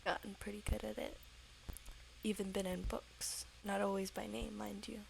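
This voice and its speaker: A woman's voice: mid-range voice, little pitch movement, moderate pace, gravelly, slight background noise, poor audio. A woman voicing an old, boastful male ghost who speaks of himself in the third person, drawling and half-whispered.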